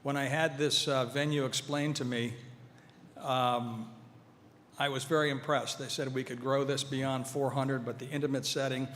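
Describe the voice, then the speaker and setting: A man giving a formal speech to an audience at a veterans' event, measured and earnest, with touches of light humor. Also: medium pitch, level tone, fairly bright tone, a little hiss or hum. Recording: hall reverb, faint ambience.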